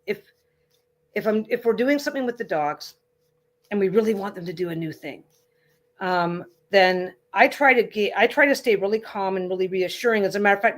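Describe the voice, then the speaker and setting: A woman's voice: medium pitch, normal speed. A woman hosting a livestreamed tarot reading, chatting casually in a reassuring, rambling way with frequent restarts. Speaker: tarot reader and livestream host.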